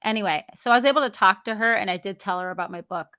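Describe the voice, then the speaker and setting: A woman talks through her own story on an interview podcast, slipping into the voices of the people she quotes. Her voice is bright and forceful. The recording is dry and a little dull, with a lo-fi edge. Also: mid-range voice, rapid-fire, smooth, no echo. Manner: chatty, acts out quoted dialogue, many "like"s. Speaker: guest, memoir author.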